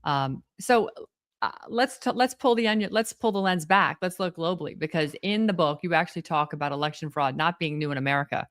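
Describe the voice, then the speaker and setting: A woman hosting an interview, asking long animated questions. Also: low-pitched, brisk. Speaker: show host.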